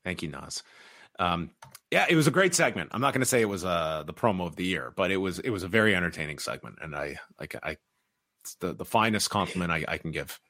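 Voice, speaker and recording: A man co-hosting a wrestling review podcast, speaking in a measured way with frequent restarts and fillers. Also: low-pitched, lively intonation, sharp tone, dry recording, clean studio sound. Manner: measured, repeats words, many fillers. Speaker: podcast co-host. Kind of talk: casual wrestling review chat.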